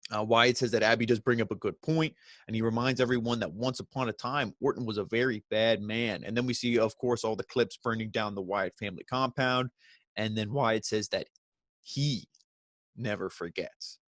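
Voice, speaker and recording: A man's voice: lowish voice, steady tone, moderate pace, fairly bright tone, no echo, clean studio sound. Rambling man recapping wrestling. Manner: rambling, restarts mid-sentence, acts out quotes. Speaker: wrestling show reviewer. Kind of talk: casual recap podcast.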